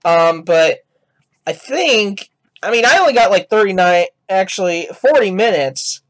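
Guy doing reaction commentary for his gaming channel, rambly, keeps restarting sentences, talks slow and unhurried. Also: high-pitched, animated. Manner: rambling, restarts sentences, yells "no" and "ah" at loud sounds. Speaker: gaming YouTuber.

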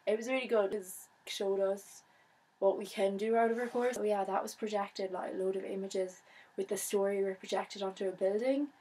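A woman's voice: medium pitch, fairly even intonation, moderate pace, warm tone, husky, low-quality recording. A young woman chatting casually to camera in her vlog, bubbly and talkative. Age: young adult. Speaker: vlogger.

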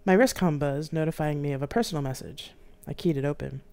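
A woman's voice: low-pitched, fast talker, clear, resonant tone. A woman author reading her own science fiction novel aloud in first person, on a live stream. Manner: first-person narration, expressive. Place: home streaming setup.

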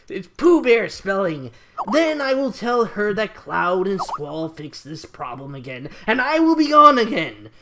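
A man's voice: sits high, fairly bright tone. A young man reading his own fan fiction aloud, stumbling over words now and then.

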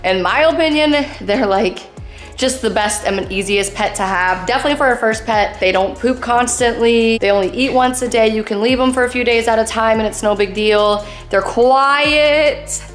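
A woman's voice: on the high side, normal speed, soft background music. A young woman, a vlogger and pet owner, chatting upbeat and casually to her viewers at home. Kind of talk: casual vlog chat.

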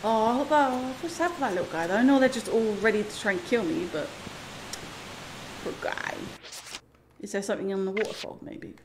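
A woman streams a video game with casual let's-play commentary, chatting to the game and its creatures and laughing often. Her medium-pitched voice is expressive and fairly quick, broken by long pauses, over audible background noise.

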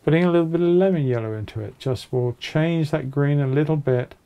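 A man narrating an oil painting tutorial from his small home studio, chatting in a relaxed way while he paints at his easel. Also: fairly high pitch, brisk, clear, resonant tone. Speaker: painting teacher.

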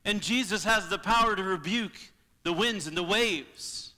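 Guy preaching a sermon in a big echoey church hall, sharp bright voice, goes loud then quiet. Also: high-pitched, normal speed. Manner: impassioned, swings between loud and hushed. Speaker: pastor. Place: church sanctuary.

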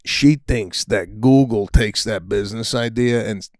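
A man's voice: lowish voice, moderate pace, a little mellow, dry recording. A man co-hosting a comedy podcast in a home studio, talking casually with stammering restarts. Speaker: podcast co-host. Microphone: studio mic.

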